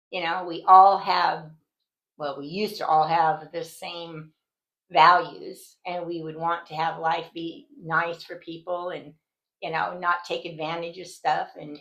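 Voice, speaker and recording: A woman's voice: fairly low pitch, vocal fry, fairly bright tone, poor audio. A woman teaching a Bible study in an earnest, indignant, conversational way, rambling and restarting her sentences as she goes. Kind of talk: conversational devotional talk.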